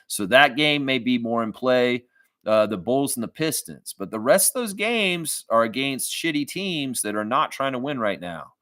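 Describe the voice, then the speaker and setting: A man's voice: mid-range voice, animated, moderate pace, a bit bright, no echo. Rambling, profane male livestream host. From southern United States. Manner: rambling with many fillers, flaring into profane rants. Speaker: sports fan livestream host. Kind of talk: casual live reaction chat reading comments.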